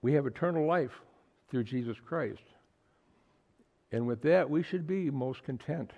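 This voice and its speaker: A man's voice: medium pitch, unhurried, darkish tone, lo-fi sound. A man preaching a sermon to a small fellowship, earnest and emphatic, often repeating words for stress. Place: small fellowship meeting room.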